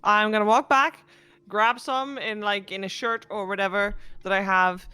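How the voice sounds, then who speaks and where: Bright, clear-voiced tabletop player. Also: mid-range voice, steady tone, moderate pace. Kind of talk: casual tabletop play.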